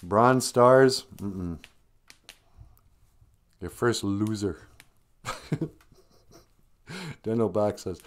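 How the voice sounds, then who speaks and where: A man's voice: fairly low pitch, drawn-out words, pauses often. A man hosting a casual live stream, joking and teasing his viewers while teaching words. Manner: playful, teasing banter with viewers; jokey mock-stern scolding.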